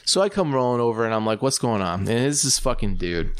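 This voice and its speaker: A man's voice: mid-range voice, big pitch swings, fast, clean tone. A man co-hosting a comedy podcast, telling a long story full of swearing and laughing often. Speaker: podcast co-host. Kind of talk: casual comedic podcast chat.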